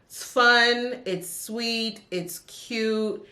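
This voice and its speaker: A woman chatting casually about books she has read, sassy and animated, with big swings in her voice. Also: a little high, drawn-out words, loud music behind the voice. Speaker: book vlogger. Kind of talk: casual book review chat. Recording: echoey room.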